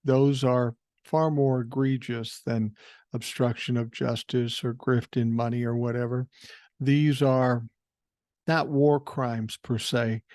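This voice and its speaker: An older man hosts a podcast, riffing bluntly and with some swearing as he reads listener emails. His voice sits at an ordinary middle pitch. The sound is dry and close. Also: darkish tone, dry recording. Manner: blunt, profane, opinionated, thinking aloud with fillers. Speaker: podcast host. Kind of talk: casual political commentary, reading listener emails.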